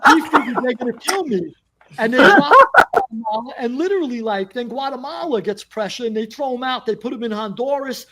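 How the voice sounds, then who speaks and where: A man with a New York accent recounts a story in a relaxed interview. His voice sits fairly high, and he slips into the voices of the people he quotes. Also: brisk, a little hiss or hum. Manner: animated storyteller acting out quoted dialogue. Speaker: former mobster guest.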